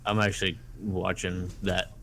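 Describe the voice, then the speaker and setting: A man's voice: sits low, level tone, normal speed, a bit bright, slight background noise. A man co-hosting a casual wrestling podcast, mostly giving short reactions and muttering curses. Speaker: podcast co-host.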